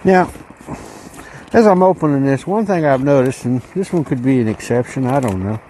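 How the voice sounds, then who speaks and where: A man hosting a casual unboxing video, musing aloud in a slow, rambling way as he goes through a ration pack. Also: medium pitch, mellow, a little hiss or hum, low-quality recording. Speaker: channel host reviewing ration packs.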